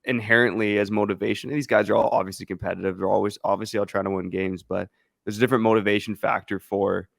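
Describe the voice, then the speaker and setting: Male podcast co-host, low and gravelly, measured explainer, dry close mic. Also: level tone, no echo. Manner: measured, explanatory, with many fillers. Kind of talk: casual sports podcast chat.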